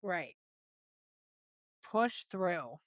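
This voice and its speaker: A woman's voice: lowish voice, sing-song, drawn-out words, no echo, clean studio sound. A woman co-hosting a podcast, mostly giving short agreeing responses and laughing along. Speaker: podcast co-host. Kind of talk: casual chat.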